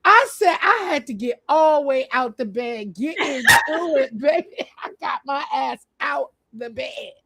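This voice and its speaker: A woman chatting casually to her viewers on a livestream, loud and playful, laughing often and trash-talking. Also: high-pitched, lively intonation, a little slow, gravelly, few pauses, no echo. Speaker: channel host. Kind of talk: casual live chat.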